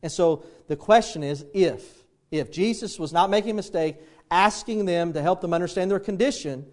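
A man's voice: high voice, moderate pace. A middle-aged man preaching a sermon, telling homely stories and acting out the voices in them. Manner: folksy storytelling, acts out quoted voices. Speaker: pastor.

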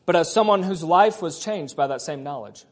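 A man's voice: on the high side, lively intonation, moderate pace. A man preaching a sermon, conversational, with frequent rhetorical questions to the congregation. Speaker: pastor.

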